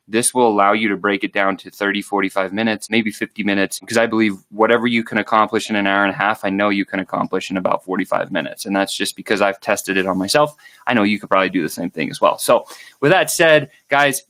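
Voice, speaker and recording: A man's voice: on the low side, a bit bright, no room sound. A man giving sales training straight to camera, emphatic and motivational, acting out sample call lines along the way. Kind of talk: direct-to-camera sales coaching.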